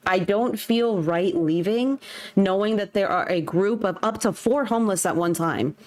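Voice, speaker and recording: A woman's voice: fairly low pitch, darkish tone. A young woman livestreaming from home, ranting bluntly in casual chat with faint music behind. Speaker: streamer. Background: faint background music.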